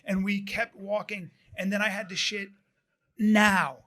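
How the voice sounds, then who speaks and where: A comedian telling a story on a live comedy club stage, animated, shouting out sound effects and dropping into muttered asides. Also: male voice, high voice, a little slow.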